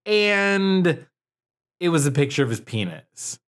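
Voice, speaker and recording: A man's voice: a little high, very animated, slow pace, clean tone. A man co-hosting a comedy podcast, bantering casually, joking and swearing, often trailing off with fillers. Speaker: podcast co-host.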